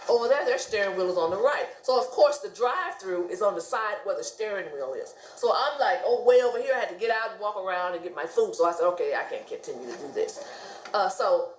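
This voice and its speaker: A woman's voice: mid-range voice, fast, roomy sound. A middle-aged woman from the United States telling stories casually to camera, chatty and laughing often. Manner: chatty, laughs often, animated quoted voices. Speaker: vlogger.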